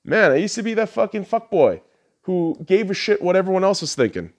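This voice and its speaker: A man's voice: high voice, sing-song, a little fast. A man hosting a podcast, ranting bluntly and crudely, mocking his listeners and laughing at his own jokes. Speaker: podcast host. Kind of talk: profane solo rant.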